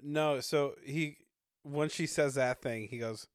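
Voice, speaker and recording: A man's voice: mid-range voice, fairly even intonation, slow, smooth, no room sound, studio quality. A man co-hosting a casual recap podcast, joking and acting out quotes with frequent laughter. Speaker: podcast co-host.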